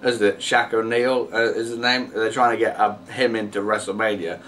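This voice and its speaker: A man's voice: lowish voice, fairly even intonation, normal speed, fairly bright tone, far from the mic, a little hiss or hum. A man ranting casually to camera, exasperated and rambling, with lots of fillers and restarts. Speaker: vlogger.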